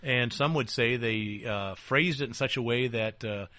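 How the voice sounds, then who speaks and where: A man's voice: mid-range voice, measured pace, bright, forceful tone, no room sound. A man co-hosting a casual political talk show, joking and teasing his partner, with frequent fillers and restarts. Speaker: podcast co-host. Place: small back-room studio.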